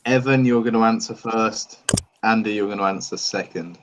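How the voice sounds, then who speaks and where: A man on a podcast who runs a quiz round in a brisk, matter-of-fact way. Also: lowish voice, fairly even intonation, highs cut off, background noise. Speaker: quizmaster. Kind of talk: casual quiz banter.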